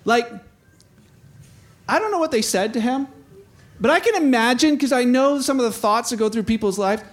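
High-voiced man preaching conversationally. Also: expressive, moderate pace. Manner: conversational, voices characters in dialogue. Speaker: pastor. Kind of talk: sermon with acted-out scenes.

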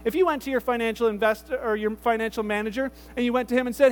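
A man pastor preaches in a relaxed, conversational way, weaving casual asides into his retelling. His voice sits very high for a man, and he keeps the story lively. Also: rapid-fire, in a large hall, slight background noise. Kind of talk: conversational sermon.

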